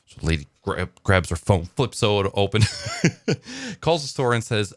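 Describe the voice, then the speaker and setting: A man's voice: on the low side, wildly swooping pitch, unhurried, no room sound, studio quality. A man telling a joke and chatting casually in a morning vlog, rambling with lots of fillers. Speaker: vlogger.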